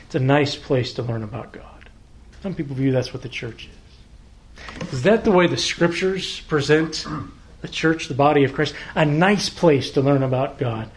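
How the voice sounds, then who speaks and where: A man's voice: mid-range voice, moderate pace. A man preaching a sermon as pastor, conversational, posing rhetorical questions and acting out short exchanges.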